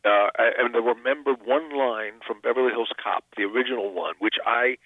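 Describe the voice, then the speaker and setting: A man's voice: medium pitch, normal speed, no room sound. An older man, an actor and comedian, chatting in a phone interview, self-deprecating and full of restarts. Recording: tinny phone line.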